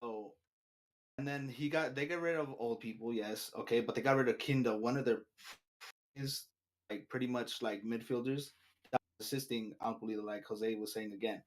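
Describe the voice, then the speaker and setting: A man's voice: mid-range voice, fairly even intonation, moderate pace. Man making his case in a sports chat. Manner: hesitant, tag questions like "right?". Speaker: podcast co-host.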